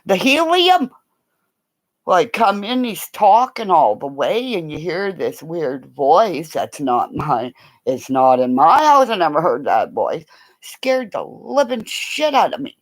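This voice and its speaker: Chatty older woman, lively and slow. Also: low-pitched, poor audio. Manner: rambling storytelling, swings between loud exclamations and soft whispers to her dog. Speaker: livestreamer. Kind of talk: casual livestream chat.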